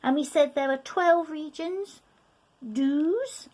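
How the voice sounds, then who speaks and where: Here a middle-aged French teacher speaks in a high-pitched, slightly mellow voice. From her seat at a table in a room, she leads beginners through the language, patiently repeating words slowly and checking understanding with "okay?".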